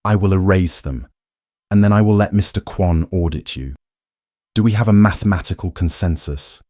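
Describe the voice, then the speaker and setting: A man's voice: deep voice, normal speed, no room sound, studio quality. A man voicing an icy, composed woman executive. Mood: coldly calm. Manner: calm, clipped, controlled. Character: poised confident woman finance chief, icy.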